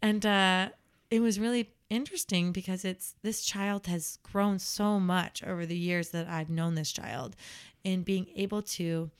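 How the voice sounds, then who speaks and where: A woman's voice: lowish voice, smooth. A young adult woman who works as a nanny, chatting casually and telling stories, acting out the voices she quotes. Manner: storytelling, acts out quoted voices. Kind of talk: casual chat.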